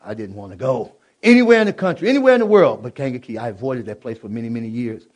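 A middle-aged man from Illinois telling his personal testimony to an audience, animated, swinging from loud bursts to low, quiet asides, with many restarts. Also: quick pace. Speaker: speaker giving a personal testimony. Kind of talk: spoken testimony to a live audience.

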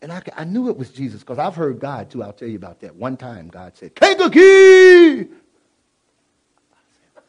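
A middle-aged man from Illinois telling his personal testimony to an audience, animated, swinging from loud bursts to low, quiet asides, with many restarts. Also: fast, hardly any pauses, husky. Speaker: speaker giving a personal testimony. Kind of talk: spoken testimony to a live audience.

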